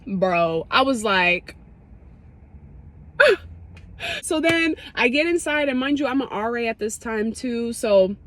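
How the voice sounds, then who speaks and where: Young woman vlogger, a bit high-voiced, animated and dramatic, recounting her story casually. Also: normal speed, hardly any pauses. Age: young adult. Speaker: vlogger sharing a testimony.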